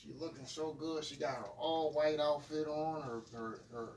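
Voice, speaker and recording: A man co-hosting a podcast who tells a story slowly and lingers on each description. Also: fairly high pitch, fairly even intonation, a little mellow. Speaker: podcast co-host. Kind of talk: casual storytelling. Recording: distant mic with faint noise.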